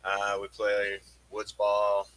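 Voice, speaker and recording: A man from Northwest Indiana calling into a live stream, giving brief low-key answers about his paintball team. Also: monotone, slow pace, a bit bright, no room sound, poor audio. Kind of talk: casual chat.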